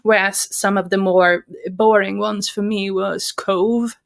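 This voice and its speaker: A woman's voice: mid-range voice, level tone, takes it slowly, vocal fry. A woman co-hosting a podcast, chatting casually about a horror novel, laughing often and restarting her sentences. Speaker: podcast co-host. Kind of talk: casual book discussion.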